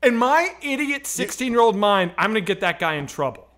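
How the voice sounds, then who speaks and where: Male comedy host, storytelling, lively pitch, bright edge, profane. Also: fairly quick. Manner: animated, profane, acts out the voices in his story. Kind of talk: storytelling on a stream.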